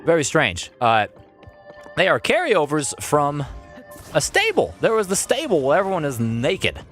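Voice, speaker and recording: A man's voice: on the high side, measured pace, faint music behind. Young guy doing live game commentary, goofy and chatty, voice bouncing all over the place. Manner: playful, animated, jokes with chat. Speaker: let's play streamer. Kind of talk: live-streamed gameplay commentary.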